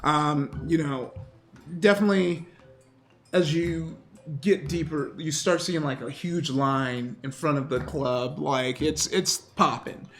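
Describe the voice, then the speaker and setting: A man's voice: a little high, slow. A man narrating as game master, loose and rambling, with lots of fillers. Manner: loose, rambling narration with many fillers, breaking into loud voices for characters.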